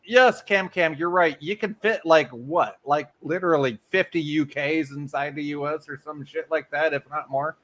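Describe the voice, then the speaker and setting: Man, highish bright voice, animated livestream banter. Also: normal speed, hardly any pauses. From Michigan, USA. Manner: animated, loud laughing, swearing. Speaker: livestream co-host. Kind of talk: casual livestream chat.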